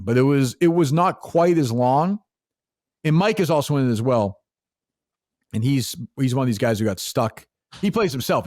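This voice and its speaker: A male podcast host with a Boston accent rambles through a story, swearing and filling pauses with ums and likes. His pitch swings up and down a lot as he talks. The sound is close and dry, with no room around it. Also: a little mellow, dry recording. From Massachusetts. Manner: rambling, profane, many fillers. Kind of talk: casual chat.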